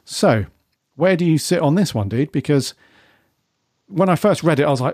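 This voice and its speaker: A man with a mellow, relaxed tone talks through rumours in an easy, rambling podcast chat. His voice is recorded close and dry, with no room sound. He keeps checking in with his co-host. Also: fairly high pitch, moderate pace, dry recording. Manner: chatty, rambling, asks his co-host's view. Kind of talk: casual fan podcast chat.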